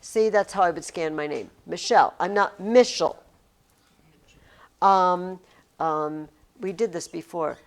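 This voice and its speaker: Addressing her class, this teacher rambles in a chatty way and keeps interrupting herself partway through sentences. She speaks in a smooth, unhurried voice that sits on the low side.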